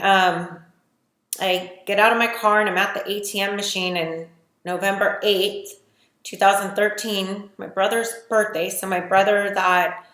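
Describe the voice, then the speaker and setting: A woman's voice: medium pitch, a bit bright, roomy sound. A middle-aged woman giving a personal testimony, retelling events emotionally with quoted dialogue. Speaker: testimony speaker.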